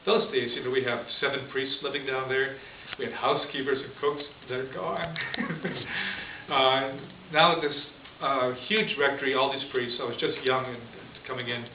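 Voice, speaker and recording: Priest giving a chatty, chuckling homily story, heard from a distance on a dull, hissy recording. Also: male voice, mid-range voice, steady tone, moderate pace. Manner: conversational, chuckles often. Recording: distant echoey lo-fi room recording with hiss.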